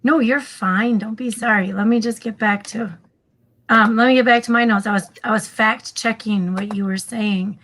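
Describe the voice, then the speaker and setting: Higher-voiced woman co-hosting a show. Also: steady tone, moderate pace, a bit bright, low-quality recording. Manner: friendly, a bit scattered, stalls while checking notes. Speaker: co-host with news segment. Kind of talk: casual co-hosting.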